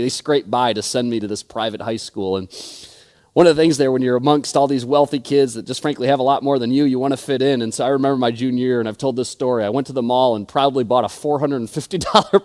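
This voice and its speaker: A man's voice: mid-range voice, a little mellow. A male pastor in his thirties preaching a sermon, telling stories and often stuttering and repeating words. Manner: frequent stutters and word repeats; storytelling, acting out quoted friends.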